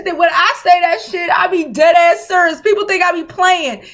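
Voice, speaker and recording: A woman's voice: very high-pitched, moderate pace, few pauses, fairly bright tone. A woman hosting a casual livestream, talking bluntly and profanely and often laughing as she answers viewer comments. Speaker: livestream host.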